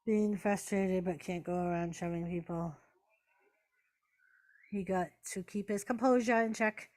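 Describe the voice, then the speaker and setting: A woman's voice: mid-range voice, unhurried, a little mellow. A woman hosting a casual live-stream watch party, chatting with viewers, calling the action and talking to her pets. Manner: chatty, answers chat and talks to her pets.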